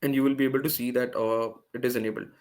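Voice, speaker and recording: A man's voice: medium pitch, level tone, racing, darkish tone. Man walking through a tech demo. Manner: explaining step by step with frequent fillers and restarts. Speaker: workshop presenter. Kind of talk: live screen-share tech demo.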